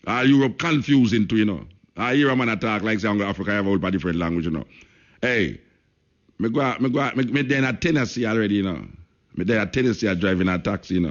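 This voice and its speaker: A Jamaican man hosting a radio talk show, speaking patois and hammering his points home by repeating himself. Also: mid-range voice. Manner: emphatic, repeats phrases for stress, speaks patois. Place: radio studio. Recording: lo-fi radio broadcast.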